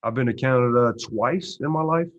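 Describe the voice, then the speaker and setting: A football player answering press questions in a relaxed, low-key way, with lots of "you know" and "uh" fillers. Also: male voice, normal speed. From Texas. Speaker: pro football player at media day. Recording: dull lo-fi stream audio.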